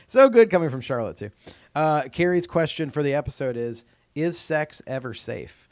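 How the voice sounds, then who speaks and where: This podcast co-host has a voice on the high side, expressive and moderately paced, recorded with no echo. He chats casually while recapping a TV episode, rambling with lots of "um" and "uh" and frequent restarts.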